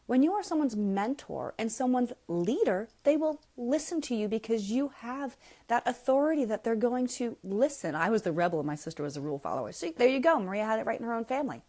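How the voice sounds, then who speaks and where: A middle-aged woman hosting a live parenting question-and-answer chat, talking in a blunt, frank and emphatic way and reading out viewer comments. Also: a little fast. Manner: animated, with sudden jumps up in pitch. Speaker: parenting coach host.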